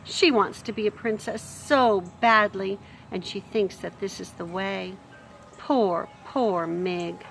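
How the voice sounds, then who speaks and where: A woman voicing the thoughts of a kind young princess who speaks softly and with sympathy. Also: mid-range voice, takes it slowly, vocal fry, faint music behind, poor audio. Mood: pitying. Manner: soft, sympathetic.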